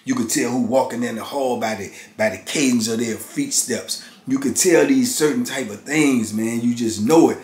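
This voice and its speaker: A man in his fifties telling a prison story in casual, animated talk. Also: medium pitch, normal speed, hardly any pauses. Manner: animated, acts out others' voices. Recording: roomy echo.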